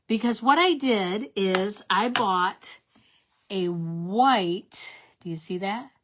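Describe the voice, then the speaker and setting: A middle-aged craft demonstrator hosts her card-making tutorial in an animated, slow voice of medium pitch, with slight background noise present. Enthusiastic and talkative, she explains each step, regularly corrects herself, and speaks to her viewers as "you guys."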